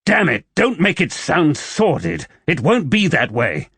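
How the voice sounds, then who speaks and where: Casting: a brooding young nobleman, read by a male narrator, coaxing and intense, with a lively pitch. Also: a little slow, breathy edge, dry recording, heavily acted.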